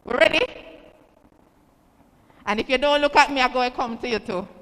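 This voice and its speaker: A woman with a Jamaican accent hosting a student event, energetic and teasing, calling for responses from the crowd. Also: high-pitched, moderate pace. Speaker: event host. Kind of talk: motivational address to students. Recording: reverberant hall, faint ambient noise.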